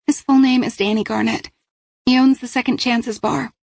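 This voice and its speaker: Audiobook: pleading, high-pitched young pregnant captive girl, read by a woman. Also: steady tone, moderate pace, vocal fry, darkish tone, dry recording, studio quality. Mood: urgent. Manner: strained, urgent, pleading. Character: frightened pregnant teenage girl held captive.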